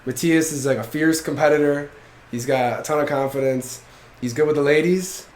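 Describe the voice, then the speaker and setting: A man's voice: a little high, normal speed, darkish tone. Young male podcast host, loose and profane, recorded in a roomy space. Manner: loose, swears casually, laughs, many "like" fillers. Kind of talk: casual podcast chat. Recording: echoey room.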